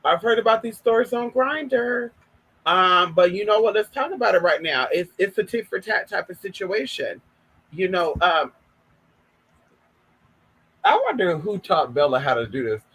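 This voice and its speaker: A woman's voice: medium pitch, lively intonation, normal speed, fairly bright tone, breathy edge. A woman from California, sassy, chatting casually to viewers on her live stream and calling everyone honey.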